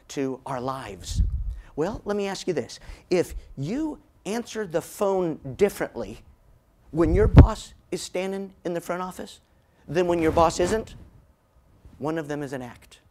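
A middle-aged man, giving a storytelling keynote as a motivational speaker, animated and slowing down for dramatic effect. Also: a little high.

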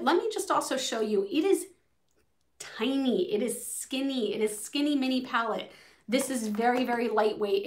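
Bubbly and a little high, this young adult beauty vlogger talks her viewers through a makeup tutorial in a casual way. She swears freely as she goes.

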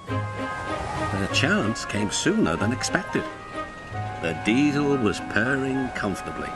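Expressive man narrating a storybook. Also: mid-range voice. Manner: expressive, animated. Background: background music.

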